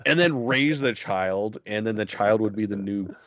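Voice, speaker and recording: A man's voice: lowish voice, moderate pace, no room sound, studio quality. A man co-hosting a casual TV review chat, laid-back and wry, joking along with his co-host.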